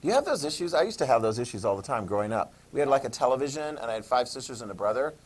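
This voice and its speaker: A man's voice: medium pitch, expressive, very fast. A man teaching a history class, joking and checking in with questions. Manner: jokey, asks the class questions, "okay?" checks. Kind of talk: classroom lecture.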